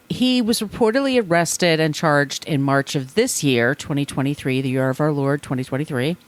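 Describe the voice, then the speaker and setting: A woman co-hosting a casual podcast, chatting and reading a statement aloud, with profane asides and quick apologies. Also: low voice. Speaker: podcast co-host.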